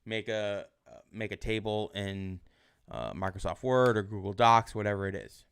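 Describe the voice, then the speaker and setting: A male teacher giving casual online class instructions in a relaxed, rambling way with many fillers. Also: lowish voice, normal speed, vocal fry, smooth.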